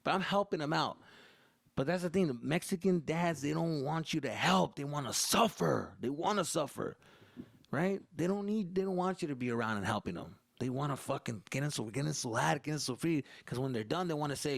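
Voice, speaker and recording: A man from Arizona, a comedian, telling profane, animated stories in a casual podcast monologue. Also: medium pitch, fairly quick, vocal fry, no room sound.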